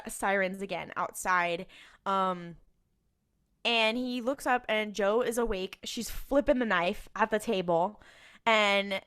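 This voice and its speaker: A woman's voice: mid-range voice, clean tone. A woman co-hosting a podcast, recapping episodes in casual chat and acting out the characters' lines. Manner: animated storytelling with quoted voices and laughter. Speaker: podcast co-host.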